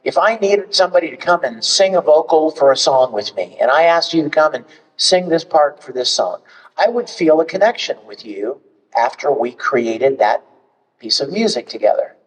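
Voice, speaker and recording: A man talking on a convention panel, chatty and animated as he tells stories. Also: a little high, normal speed. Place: large convention hall. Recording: echoey hall from far off, muffled.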